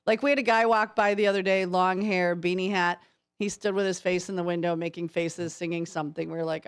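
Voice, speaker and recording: A woman's voice: fairly low pitch, fairly quick, clear, resonant tone, no echo. A woman co-hosting a morning radio show in a studio, chatting and telling playful little stories. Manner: playful storytelling, chatty and animated. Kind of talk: casual morning radio chat. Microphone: studio microphone.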